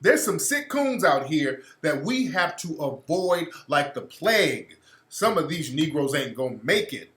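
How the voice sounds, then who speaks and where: A man's voice: on the high side, big pitch swings, measured pace, fairly bright tone. A man hosting a radio show, delivering a combative, profane and mocking monologue. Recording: echoey room.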